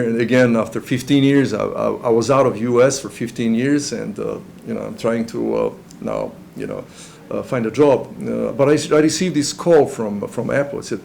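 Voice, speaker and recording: A middle-aged man speaks English in an earnest, stop-and-start way, looping back over his words as he tells his own story. His voice is gravelly with plenty of fry, at an ordinary middle pitch. A faint hum of noise sits under it. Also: expressive, darkish tone. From Serbia. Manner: halting, many restarts, earnest. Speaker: interviewee. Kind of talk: personal testimony.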